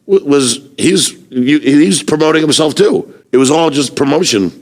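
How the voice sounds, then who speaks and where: A man's voice: on the high side, moderate pace, no room sound. A comedian guest telling casual anecdotes, swearing freely and acting out the lines of people in his stories. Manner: swearing storyteller who acts out quotes.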